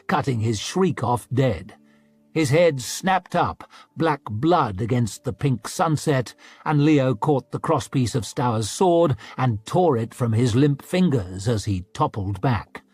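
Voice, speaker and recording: A man reading a fantasy audiobook in a slow, measured, dramatic way. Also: mid-range voice, husky, no room sound. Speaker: audiobook narrator. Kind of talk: scripted audiobook narration.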